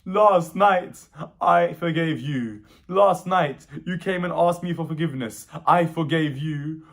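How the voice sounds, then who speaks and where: A man voicing a gentle, humble imam speaking with sorrow in a mourning recitation. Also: fairly high pitch, a little slow, vocal fry. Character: gentle, humble male imam leading his companions.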